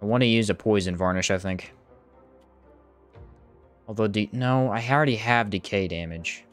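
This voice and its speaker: Man, live game stream commentary, lowish voice, faint music behind. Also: normal speed. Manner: chatty, reads out chat, jumps up in pitch when surprised. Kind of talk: casual live gameplay commentary.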